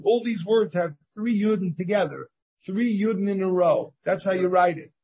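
Husky rabbi teaching a Talmud class. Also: male voice, sits high, unhurried, muffled recording. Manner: reads Hebrew and Aramaic text and translates it, with many restarts.

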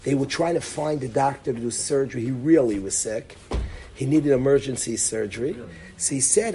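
A middle-aged man casually telling a personal story, acting out the dialogue and dropping to a hush for quoted lines. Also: medium pitch, normal speed, background noise. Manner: animated, acts out dialogue, drops to near-whisper for quoted lines. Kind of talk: casual spoken anecdote.

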